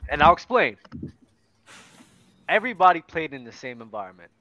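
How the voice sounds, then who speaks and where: A man's voice: a little high, sing-song, normal speed, pushed and bright, dry recording, muffled recording. A man co-hosting a basketball podcast, talking emphatically and repeating his points. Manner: emphatic, repeats himself for stress. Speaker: podcast co-host. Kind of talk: casual sports debate.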